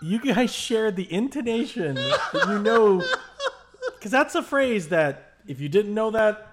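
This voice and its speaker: A man's voice: high-pitched, lively intonation, a little slow, slight background noise. A man hosting a trivia segment on a casual podcast, joking with his guests and reading out questions in a playful way. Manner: playful, reads out questions and quotes. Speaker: trivia quizmaster and podcast host.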